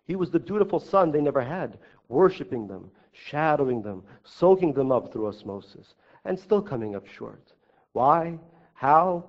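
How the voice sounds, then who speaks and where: A man's voice: medium pitch, sing-song, moderate pace. Man giving a wry literary reading. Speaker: author reading his fiction. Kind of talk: live reading of literary prose. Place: writers' festival stage. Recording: dull lo-fi live recording.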